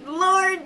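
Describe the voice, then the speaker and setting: A woman streaming a game, reacting in a dramatic, pleading way with plenty of swearing. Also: very high-pitched. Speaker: gaming streamer. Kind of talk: emotional casual reaction vlog. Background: game music.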